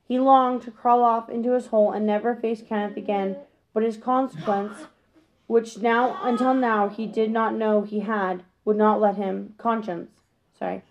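A woman gently reading a children's chapter book aloud, sometimes correcting herself mid-sentence. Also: fairly high pitch, steady tone, moderate pace, dull audio. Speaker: storybook reader.

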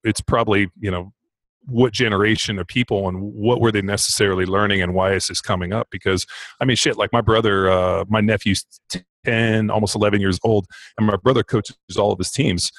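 A man talks quickly in a loose, rambling way, piling on filler words and curses as he tells his stories. The sound is close and dry, with no room around it. It is casual podcast chat. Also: lowish voice, steady tone, a bit bright, no echo, rough recording. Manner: rambling storyteller, heavy swearing, many fillers.

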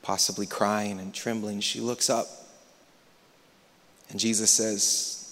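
A man preaching a sermon as pastor, moving between hushed, near-whispered passages and loud, impassioned stretches. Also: on the low side, steady tone, takes it slowly, pauses often. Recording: long reverb of a large hall.

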